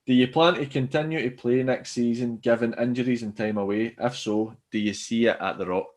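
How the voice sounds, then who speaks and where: A man's voice: medium pitch, fairly even intonation, fairly quick, a little mellow. A Scottish man co-hosting a football podcast, reading listener questions in a laid-back, blunt way. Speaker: podcast co-host.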